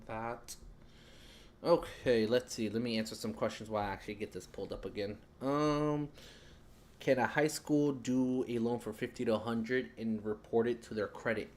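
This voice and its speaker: A man's voice: medium pitch, fairly even intonation, normal speed, darkish tone. A man giving a casual live-stream lesson on credit, chatting loosely and talking while he fumbles with his screen.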